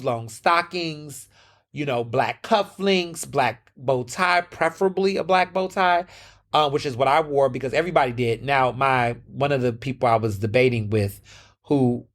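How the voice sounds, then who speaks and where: A man's voice: medium pitch, a little slow. An American man hosting a podcast, telling a story in a chatty way, full of fillers, restarts and sassy asides. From United States. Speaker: podcast host. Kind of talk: casual solo storytelling.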